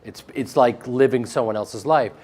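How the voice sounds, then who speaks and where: A man with a flat Midwestern American accent, answering interview questions in a casual, joking way and laughing often. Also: medium pitch, normal speed, husky. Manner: animated, joking, laughs often, with frequent restarts. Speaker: actor being interviewed.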